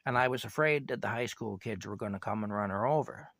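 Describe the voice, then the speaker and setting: A man's voice: lowish voice, quick pace, a bit bright, no echo. An older man telling a personal story in a casual, rambling way, often saying "anyway" and "you know".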